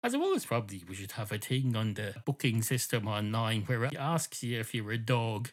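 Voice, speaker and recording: A man hosting a podcast, telling an absurd story in a rambling, deadpan comic monologue. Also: on the low side, moderate pace. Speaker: podcast host.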